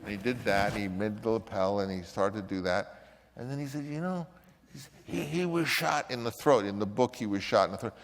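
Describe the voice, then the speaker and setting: An older man who directs films tells casual, rambling anecdotes, often restarting and acting out quotes. His voice sits on the low side and moves briskly, recorded with big-room sound and a little hiss or hum.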